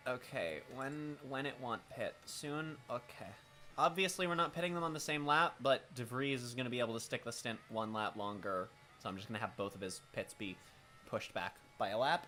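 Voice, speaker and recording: A man streaming a racing management game, talking casually with a raspy, smoker-like voice, swearing and making wry remarks as he thinks aloud. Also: medium pitch, moderate pace, bright, forceful tone, soft background music. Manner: profane, wry, thinking aloud while playing. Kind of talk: casual live-stream commentary.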